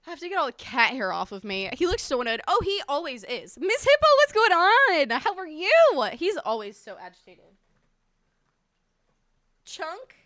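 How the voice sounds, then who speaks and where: A woman with a high, bright voice chats with her stream viewers in a scattered, talkative way. Her pitch swoops all over as she thanks people and swears mildly. The sound is close and dry, from her home streaming setup. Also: dry recording. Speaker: live streamer. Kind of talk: casual stream chat.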